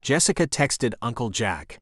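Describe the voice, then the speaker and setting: Man, audiobook narrator, mid-pitched voice, dry close sound, steady delivery. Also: a little slow, breathy edge, no echo. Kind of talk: scripted thriller narration.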